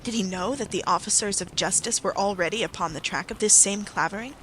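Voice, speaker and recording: Audiobook narrator, measured even storytelling, bright forceful tone, faint background hiss. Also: medium pitch, poor audio. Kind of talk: scripted first-person narration for sleep.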